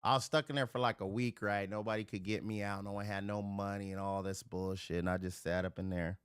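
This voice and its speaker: A middle-aged man hosting a livestream, telling a rough, profane story in casual chat and acting out the voices of the people in it. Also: on the low side, fairly even intonation, a little fast, dry recording, studio quality. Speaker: livestream host.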